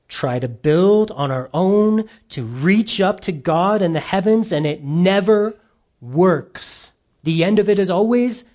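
A pastor delivering a sermon at an unhurried pace. He speaks earnestly and with emphasis, rising in pitch on points he wants to land and stretching out key phrases. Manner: earnest, emphatic, with lively rises and drawn-out slow phrases.

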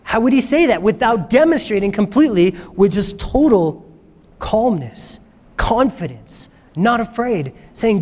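A man's voice: sits high, sing-song, a little slow, darkish tone. A man preaching a sermon as pastor, fervent and emphatic, often repeating his phrases for effect. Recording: long reverb of a large hall.

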